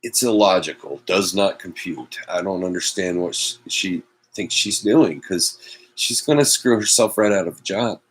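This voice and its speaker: A man's voice: low voice, moderate pace, low-quality recording. A man hosting a casual solo chat show from home, rambling and wry with self-mocking asides. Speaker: host.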